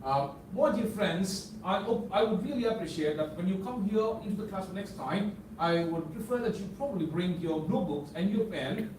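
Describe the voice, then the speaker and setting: A man's voice: high-pitched, lively intonation, normal speed, background noise. A man with an Indian accent, a communication trainer talking to students and playfully imitating accents. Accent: Indian English. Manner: playful, shifts between mimicked accents. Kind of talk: classroom talk with accent impressions. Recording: echoey hall, voice from far off.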